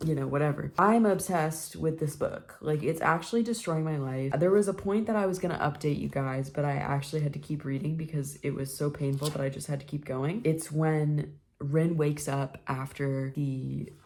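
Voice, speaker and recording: A woman filming a casual reading vlog, reacting live to a book, jumping between hushed asides and loud, swearing outbursts. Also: low-pitched, moderate pace, hardly any pauses, a little hiss or hum. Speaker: book vlogger.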